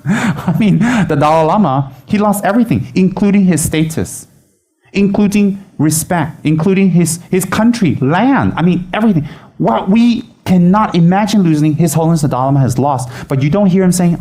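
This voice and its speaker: Mellow-voiced man giving a dharma talk. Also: a little high, a little fast. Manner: chatty and animated, with laughs and frequent restarts. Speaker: Buddhist teacher. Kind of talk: informal dharma teaching.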